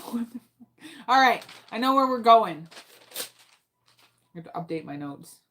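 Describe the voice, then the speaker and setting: A woman's voice: a little high, expressive, a little slow, fairly bright tone. A woman chatting casually while playing a video game, rambling, swearing often and talking to herself as she plays. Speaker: gaming streamer.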